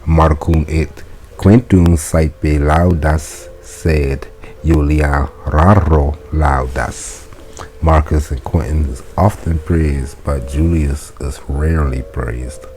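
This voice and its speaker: A man's voice: extremely low pitch, fairly even intonation, takes it slowly, darkish tone, slight background noise. A man reading a Latin textbook aloud and translating it as he goes, thinking aloud, correcting himself and chuckling at his slips.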